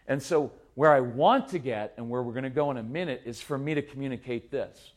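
A middle-aged man giving a conversational parenting talk to a live audience, acting out a yelling dad in quick quoted bits. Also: medium pitch, expressive. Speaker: parenting speaker.

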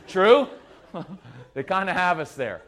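A middle-aged man giving a conversational parenting talk to a live audience, acting out a yelling dad in quick quoted bits. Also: high-pitched, sing-song, creaky. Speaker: parenting speaker.

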